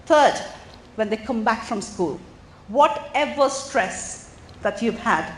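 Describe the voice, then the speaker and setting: A middle-aged woman giving an earnest, animated talk to parents at a school coffee morning, often putting questions to the audience. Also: fairly high pitch, slow. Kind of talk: lively talk to a room of parents. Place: school hall or meeting room. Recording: echoey room, faint background noise.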